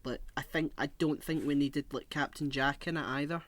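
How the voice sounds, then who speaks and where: A man's voice: on the high side, steady tone, normal speed. A young man chatting casually as a podcast co-host, ranting in exasperation, swearing and filling with "like". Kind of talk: casual chat.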